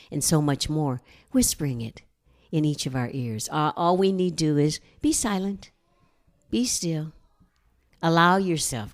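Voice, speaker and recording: A woman in her fifties preaching a guest sermon in a gentle, meditative way, acting out her inner dialogues. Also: sits low. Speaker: guest minister. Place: church sanctuary.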